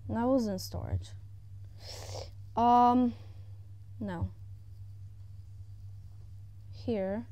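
Excitable woman narrating a game, slow-paced. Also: fairly high pitch, no echo. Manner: excitable, exclaiming often, chatting to herself. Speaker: gaming YouTuber. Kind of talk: casual let's-play commentary. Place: at home.

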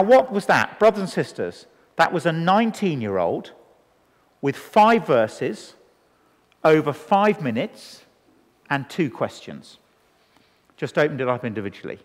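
A man's voice: on the high side, moderate pace. A man in his fifties preaching a sermon to a live audience, telling stories and acting out the dialogue. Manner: animated storytelling, acting out dialogue. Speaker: evangelist preacher. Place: church hall with a live audience. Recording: long reverb in a hall.

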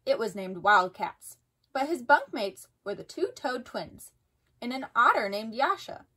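A woman reading a children's storybook aloud, expressive and sing-song, acting out every sound effect. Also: on the high side, unhurried, slightly rough. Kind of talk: storybook read-aloud for kids.

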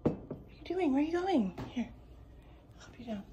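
A woman filming at home by a window, exclaiming excitedly, cooing baby talk and dropping into whispers. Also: high-pitched, moderate pace, lo-fi sound, a crowd in the background. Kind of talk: casual home video commentary.

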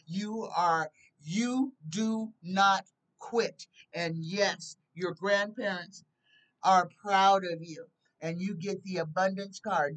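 A woman giving a tarot reading, slowly reading card keywords aloud and earnestly pleading with the viewer. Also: medium pitch, fairly bright tone, recorded from a distance, low-quality recording. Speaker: tarot reader.

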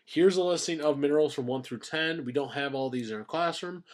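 A man's voice: on the high side, a little fast. A man teaching a science class in a recorded lecture, explaining step by step and stressing key terms.

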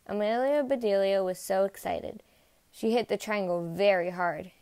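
Picture-book narrator, woman, mid pitch, dry close sound. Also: normal speed, a little mellow, clean tone, no echo. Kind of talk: storybook read-aloud.

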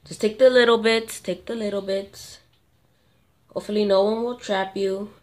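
A woman commentating her own gameplay, excitable and gasping at sudden moments, thinking aloud and talking to viewers. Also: medium pitch, normal speed. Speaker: gamer.

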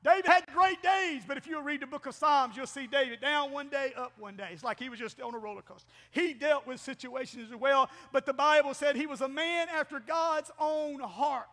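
A middle-aged pastor preaching with a very high, bright, piercing voice. His folksy, animated delivery keeps lifting into exclamations, and it rings through a church with a long hall reverb. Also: normal speed, few pauses. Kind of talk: Pentecostal sermon. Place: church sanctuary.

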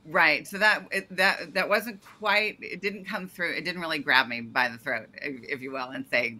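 Very bright-voiced woman giving pitch feedback. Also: moderate pace, hardly any pauses. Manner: detailed, self-correcting, coaching pronunciation. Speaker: startup pitch coach. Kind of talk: video call feedback. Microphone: video call.

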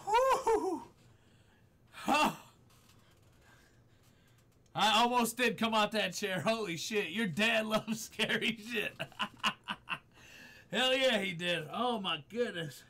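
High-voiced swearing male game streamer. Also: slow pace, pauses often, sharp tone. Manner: profane, jumpy, shrieks and laughs when scared. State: teary from fright. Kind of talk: live gameplay commentary.

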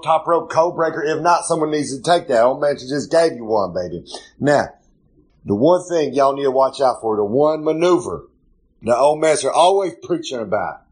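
Rowdy wrestler type, husky voice, loose rambling monologue about himself. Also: male voice, fairly high pitch. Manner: loose, rowdy, refers to himself in third person. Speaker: wrestler hosting a recurring podcast segment. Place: home kitchen.

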